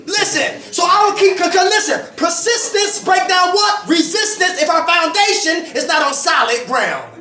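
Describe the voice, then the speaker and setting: High, lively man preaching to a room. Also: moderate pace, hardly any pauses. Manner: animated call-and-response, teasing questions to the audience. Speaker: recovery group speaker. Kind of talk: preaching-style recovery talk. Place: indoor meeting room with an audience. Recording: echoey room, voice from far off.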